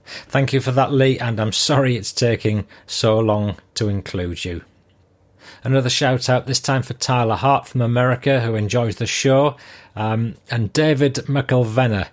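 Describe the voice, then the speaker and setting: An older man hosting a podcast, reading listener messages aloud in a relaxed, conversational way. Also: medium pitch. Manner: relaxed, conversational, with frequent ums. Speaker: podcast host.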